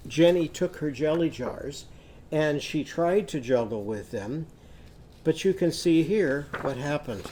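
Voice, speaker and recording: Slow, mellow-voiced male teacher. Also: a little high, slight background noise. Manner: patient, encouraging, talks students through hand gestures. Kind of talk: children's literacy lesson.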